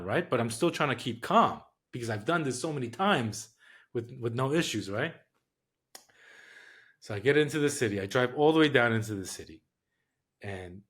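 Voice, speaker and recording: A man, a podcast guest telling a story in a casual, profane, streetwise way. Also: medium pitch.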